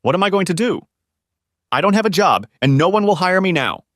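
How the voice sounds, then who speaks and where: A man voicing an angry, whining young wife who shouts at her husband. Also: big pitch swings, fairly quick, dry recording, clean studio sound. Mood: upset. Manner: shrill, whining.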